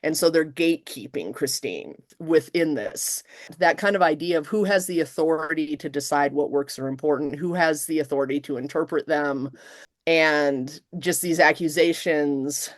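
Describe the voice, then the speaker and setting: Animated woman professor, lowish dry voice. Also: moderate pace, no echo. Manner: animated, acts out quotes with big pitch jumps. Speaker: guest professor. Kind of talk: casual interview chat.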